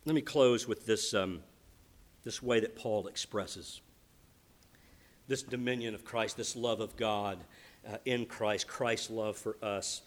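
A man preaching a sermon as pastor, earnest and emphatic, moving between quiet reflection and loud, stressed declarations. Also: lowish voice, steady tone, slow.

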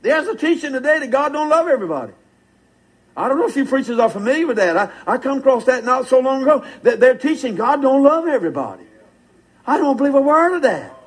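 High-voiced husky preacher. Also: male voice, sing-song, fast, poor audio. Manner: fervent, folksy preaching with call-and-response. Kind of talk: sermon.

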